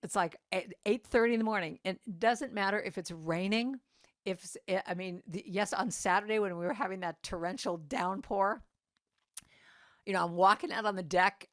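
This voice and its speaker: A woman's voice: medium pitch, moderate pace, no echo, clean studio sound. Woman musician telling personal stories. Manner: conversational, acts out quoted dialogue. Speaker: musician and singer-songwriter speaking to a congregation. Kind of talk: personal storytelling talk. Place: church service.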